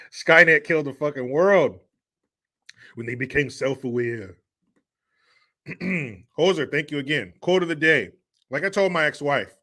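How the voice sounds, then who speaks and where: A man's voice: medium pitch, animated, unhurried, pauses often, sharp tone. A man hosting a casual live show, reading viewer comments and riffing with crude jokes and profanity. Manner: crude, joking, drawling asides with profanity.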